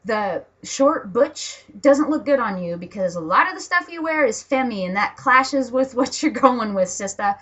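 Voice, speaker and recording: A woman's voice: a little high, expressive, normal speed, few pauses, fairly bright tone. Woman vlogger, blunt profane rant, laughs between lines, dull lo-fi audio. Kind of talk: ranting political vlog.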